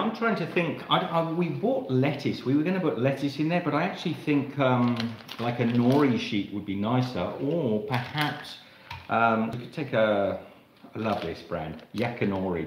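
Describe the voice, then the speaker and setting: A man's voice: mid-range voice, moderate pace, reverberant, a little hiss or hum, low-quality recording. An Australian man hosting a live cooking stream, chatting to viewers in a rambling way while he cooks in his kitchen. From Australia, Melbourne. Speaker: cooking channel host.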